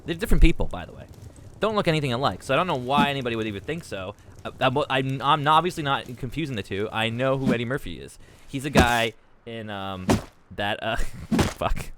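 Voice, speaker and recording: A man streaming a game and telling a long, rambling, profane comic story with animated asides. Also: mid-range voice, heavy background noise.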